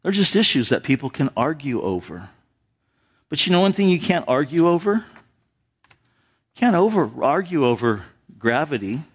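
A male pastor preaching a sermon in church, talking with the congregation through rhetorical questions. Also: sits high.

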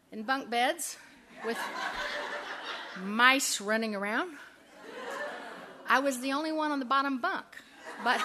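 A woman speaking to an audience, giving a humorous faith testimony as an animated storyteller who laughs often. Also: sits high, noisy background. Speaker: women's ministry speaker.

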